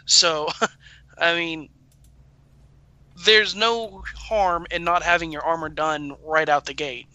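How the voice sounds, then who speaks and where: Panel guy, high bright voice, earnest and stumbling, dry sound. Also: fairly even intonation, takes it slowly, pauses often, no echo, lo-fi sound. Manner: earnest, stumbling over repeated words. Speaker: podcast panelist. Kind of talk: casual podcast chat.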